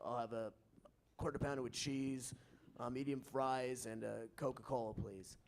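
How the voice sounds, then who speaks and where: A man doing a deep gruff dad voice. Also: fairly even intonation, normal speed, slight background noise, natural voice. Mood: deadpan. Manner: deep, hesitant drawl with fillers. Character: gruff middle-aged dad ordering fast food.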